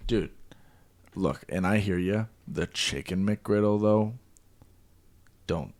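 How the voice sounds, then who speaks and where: A man's voice: low-pitched, takes it slowly. A young man co-hosting a talk show in casual, profane chat, saying "dude" a lot. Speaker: podcast co-host.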